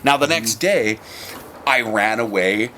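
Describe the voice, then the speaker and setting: A young man telling a childhood story in a casual, animated way, mimicking voices and sounds as he goes. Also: mid-range voice, a little slow, a little hiss or hum.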